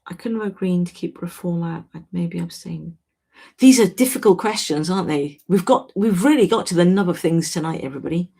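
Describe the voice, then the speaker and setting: A woman from Wales hosts a casual live chat, answering viewers by name. Her voice is husky and breathy. She talks frankly and chattily, often breaking off and starting her sentences again. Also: fairly low pitch, brisk, warm tone. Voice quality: chatty, self-interrupting, frank. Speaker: livestream host.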